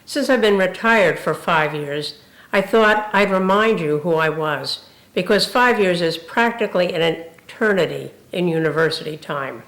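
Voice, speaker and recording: A woman's voice: fairly low pitch, normal speed. An older woman, a retired university president, telling funny stories in a tribute speech. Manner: warm humorous storytelling. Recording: roomy echo.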